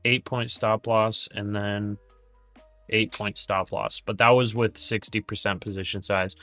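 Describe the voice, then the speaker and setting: A man's voice: fairly low pitch, little pitch movement, a little slow, pushed and bright, no echo, faint music behind. A man hosting a day trading livestream, chatting casually and jokingly, with many stammered restarts.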